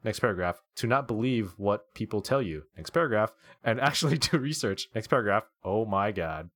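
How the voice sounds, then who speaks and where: A man co-hosting a podcast, reading posts aloud in a casual, animated way and laughing at them. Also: fairly low pitch, fairly quick, no echo, studio quality. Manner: reads quotes in an animated, laughing voice. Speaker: podcast co-host.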